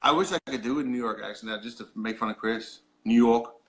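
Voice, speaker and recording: A man's voice: lowish voice, fast, pushed and bright. A man with a Newfoundland accent hosting a casual video chat, joking, swearing freely and laughing often. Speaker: host.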